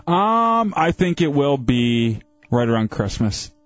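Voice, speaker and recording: A man's voice: medium pitch, sing-song, slow, no room sound, dull audio. A man co-hosting a talk radio show, laid-back in casual banter. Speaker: radio co-host.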